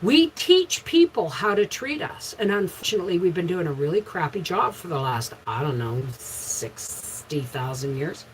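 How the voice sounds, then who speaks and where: A middle-aged woman hosting a casual livestream, chatting with viewers and telling frank, rambling stories with sudden loud bursts. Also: lowish voice, sing-song, normal speed, few pauses, slight background noise, rough recording. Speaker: homestead channel host.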